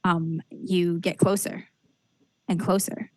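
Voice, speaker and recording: A woman's voice: lowish voice, flat delivery, takes it slowly, dark tone, no room sound. A woman game master narrates a tabletop adventure scene by scene. Her delivery is descriptive and casual, with frequent fillers and restarts. The sound is dry and close, with no room around it.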